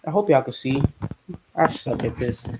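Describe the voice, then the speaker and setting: Her pitch is extremely low and her pace moderate, with a noisy background behind her. She's a middle-aged American vlogger, blunt and animated, venting and laughing often as she shows off her small apartment through the phone camera in her hand.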